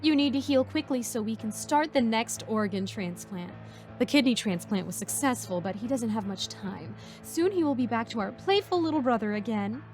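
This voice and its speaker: A woman's voice: a little high, lively intonation, moderate pace, a little mellow, soft background music, natural voice. A woman voicing a sweet but creepy motherly woman who runs a medical experiment, speaking in a sing-song, overly soothing way. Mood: sweetly sinister.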